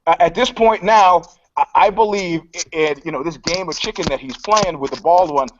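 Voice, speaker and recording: A man co-hosting a casual, profane sports podcast, an animated storyteller who acts out the people in his stories. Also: a little high, moderate pace, dull audio, noisy background. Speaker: podcast co-host, MMA pundit. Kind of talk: casual, profane chat, acting out the other side of a dispute.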